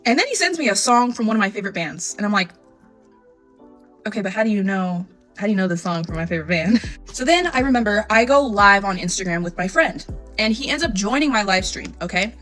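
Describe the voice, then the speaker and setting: Fast-talking young woman telling a storytime. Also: mid-range voice, faint music behind. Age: 20s. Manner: chatty, animated, quoting her own texts. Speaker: storytime vlogger. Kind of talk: casual storytime.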